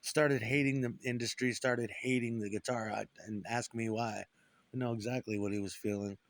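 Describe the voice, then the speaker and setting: A man's voice: mid-range voice, fairly even intonation, normal speed, no room sound. A middle-aged man talking bitterly and profanely in a rambling monologue about guitar and his past. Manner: profane, bitter, puts on voices for quoted people.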